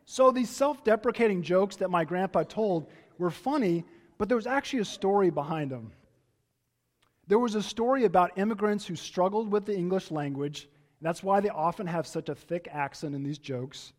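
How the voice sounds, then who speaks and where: Pastor guy giving a sermon in church, pretty high voice, chatty storytelling, lots of restarts. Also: normal speed.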